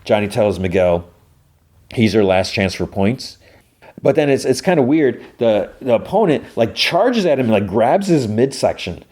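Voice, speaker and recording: A man's voice: mid-range voice, sing-song, normal speed, a little mellow, husky. A man hosting a podcast, casually recapping a TV episode scene by scene with loose quoted lines and lots of filler words. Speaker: podcast host.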